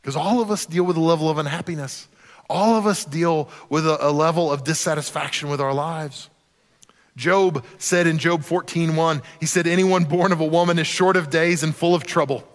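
A man's voice: fairly high pitch, moderate pace. A man preaching a sermon as a pastor, conversational and joking, sometimes acting out quoted voices. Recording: long hall reverb.

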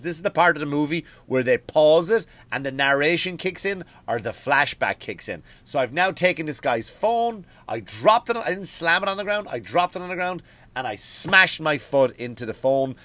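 An Irish comedian tears through a story in a profane, animated rant. His voice sits a bit higher than most men's. The sound is dry and close, recorded at home. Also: no echo. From Ireland. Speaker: comedian and podcast host.

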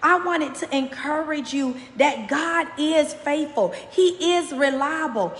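A woman's voice: high-pitched, takes it slowly, a bit bright, roomy sound, big-room sound. A woman hosting a motivational faith podcast, giving a fervent, preacherly message straight to her listeners.

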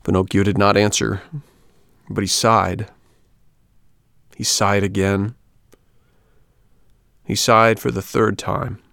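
Man, low voice, audiobook narration, measured, dry recording. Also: level tone, creaky, fairly bright tone, no room sound. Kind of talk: storybook narration.

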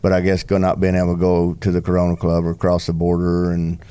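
A man talks loose and rambling, poking fun at himself as he goes. His voice sits low, and he keeps an easy conversational pace in a relaxed podcast chat. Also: fast, smooth. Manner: rambling, self-mocking, laughs at his own story. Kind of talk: casual podcast storytelling.

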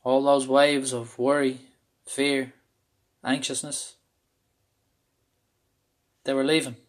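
Slowly and with little pitch movement, a medium-pitched Irish man candidly describes an intense panic attack. He speaks openly about the experience and curses freely throughout this personal story.

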